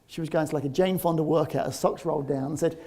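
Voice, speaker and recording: A man in his fifties with a London accent tells a personal story in an animated, lively way. His voice sits a touch high and has a gravelly, creaky edge. He laughs easily as he talks. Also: fast. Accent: London English. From England (London). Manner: lively, often laughs while talking. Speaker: interviewee telling a personal story.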